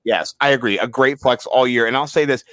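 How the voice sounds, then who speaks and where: Male podcast co-host, mid-range voice, rambling and excitable, reads sponsor plugs in a dry booth. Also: medium pitch, brisk, no echo. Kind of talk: casual sports podcast chat.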